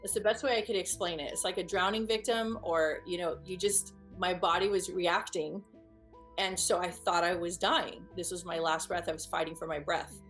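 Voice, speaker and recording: A woman telling an audience a personal story firsthand, in an earnest, vivid way, often pausing to restart and repeat her words. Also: lowish voice, fairly even intonation, a bit bright, soft background music. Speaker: speaker recounting a personal experience.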